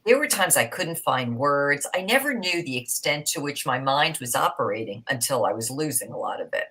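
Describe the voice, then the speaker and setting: A woman's voice: a bass voice, animated, moderate pace, a bit bright, husky, rough recording. A middle-aged woman telling a heartfelt personal story as a podcast panel guest, growing emotional and sometimes dropping to a whisper.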